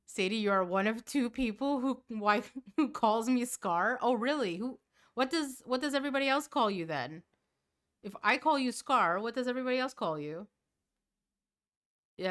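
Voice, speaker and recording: A woman's voice: mid-range voice, a bit bright. Female live-streamer, casual and chatty, stumbles into restarts, mid-range voice. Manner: playful, chatty, often repeats words as she restarts. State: tired.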